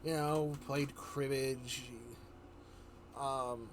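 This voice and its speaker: A man of ordinary middle pitch tells a story in a relaxed, wandering way, correcting himself as he goes. He drops into quick character voices along the way. A faint hiss sits under his voice. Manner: rambling, loose, self-correcting. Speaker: livestream storyteller. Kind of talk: casual storytelling chat.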